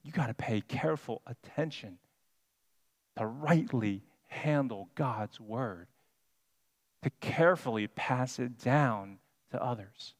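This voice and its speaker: A man preaching a sermon as pastor, deliberate and emphatic, stressing single words. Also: mid-range voice. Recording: long hall reverb.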